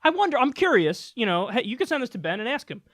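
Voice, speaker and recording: A man's voice: very high voice, big pitch swings, quick pace, a bit bright, dry recording, studio quality. A man giving a heated, sarcastic political commentary rant, swearing freely. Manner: fired-up, sarcastic, profane.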